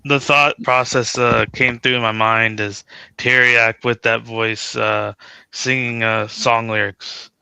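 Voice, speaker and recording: A man's voice: mid-range voice, level tone, slow pace, vocal fry, pushed and bright, clear, resonant tone, no echo. A man in a casual group voice chat, chuckling and thinking aloud with fillers.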